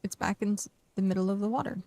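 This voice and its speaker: Young adult woman, game streamer, tired and rambling casual chat, gravelly fry in a mid-height voice. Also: mid-range voice, fast talker, mellow. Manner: rambling, talks to herself and chat. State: tired, yawning. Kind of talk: casual live-stream chat while playing.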